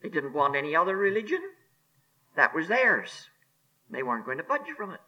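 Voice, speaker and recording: A man preaching a sermon on scripture, emphatic and deliberate, repeating key phrases and sinking to a hushed near-whisper on solemn words. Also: on the high side, very animated, dull audio. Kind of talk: expository sermon.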